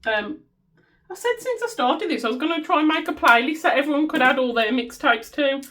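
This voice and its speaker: A woman's voice: high voice, animated, fairly quick, fairly bright tone. A woman with a Black Country accent chatting casually on a budgeting vlog, laughing at herself and humming tunes as she sorts cash. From West Midlands, England. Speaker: budgeting vlogger. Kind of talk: casual chat while cash stuffing.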